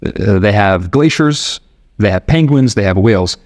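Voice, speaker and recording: A man from the United States hosting a podcast, talking in a relaxed, rambling way with restarts and quoted asides. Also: fairly low pitch, normal speed, no echo, studio quality. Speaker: podcast host. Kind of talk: casual explanatory monologue. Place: living abroad in Argentina.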